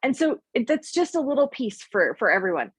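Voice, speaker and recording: A woman's voice: a little high, big pitch swings, fairly quick, husky, no echo. A woman hosting a leadership study call, talking in a chatty way with many restarts and fillers. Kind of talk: casual group discussion.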